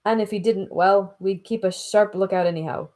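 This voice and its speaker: A woman reading aloud and voicing a gruff middle-aged male sea captain with a Scottish accent, rambling in thick dialect. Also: medium pitch, moderate pace, a little mellow, natural voice. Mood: stubborn. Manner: folksy, rambling dialect storytelling. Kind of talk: audiobook reading.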